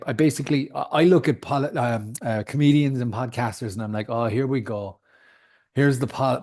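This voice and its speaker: A man's voice: medium pitch, a little mellow. A man in his thirties, not from the United States, hosting a solo podcast in a heated, emphatic rant full of swearing. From outside the United States. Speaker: podcast host.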